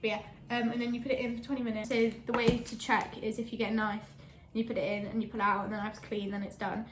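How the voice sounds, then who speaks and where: A woman's voice: fairly high pitch, flat delivery, quick pace, background noise. Chatty young woman vlogging from her kitchen. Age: young adult. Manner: chatty, rambling, giggly asides. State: a bit out of breath. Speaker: lifestyle blogger. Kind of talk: casual chatty vlog. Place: home kitchen, indoors.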